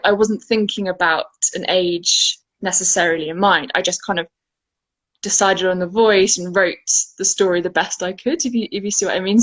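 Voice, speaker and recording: A woman from Guernsey answers interview questions about her writing in an easy, conversational way. Her voice sits fairly low, and she thinks aloud, dropping in plenty of ums and restarts. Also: a bit bright, poor audio. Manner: thoughtful, chatty, with frequent fillers. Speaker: author, interview guest.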